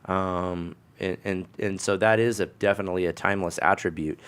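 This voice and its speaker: A man's voice: low-pitched, fairly even intonation, a little fast, fairly bright tone, smooth. A man hosting a casual interview, chatty, often restarting his sentences. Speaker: interview host.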